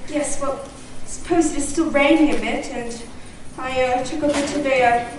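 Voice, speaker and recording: A young actress in a stage play playing a spirited young woman, flustered and halting, heard from far off in an echoey hall. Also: sits high, steady tone, noisy background, lightly acted.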